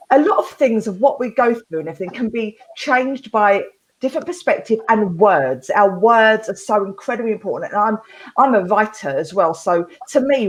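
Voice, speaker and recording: A woman hosts a live therapy talk, rambling casually through a story while laughing often. She comes across as chatty and animated, with a medium-pitched voice. The recording is rough.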